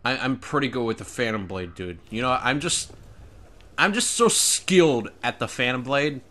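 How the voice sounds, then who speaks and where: A man's voice: medium pitch, animated, normal speed, pushed and bright. A man casually commentating as he plays a video game at home, chatty, laughing often, and joking around. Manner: chatty, laughs often, jokey put-on accents. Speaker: let's play gamer. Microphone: desk microphone.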